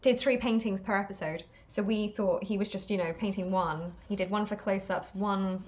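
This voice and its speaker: A woman's voice: medium pitch, steady tone, moderate pace, darkish tone. Chatty woman painting on a live stream. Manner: rambling, self-talking, laughs often, self-deprecating.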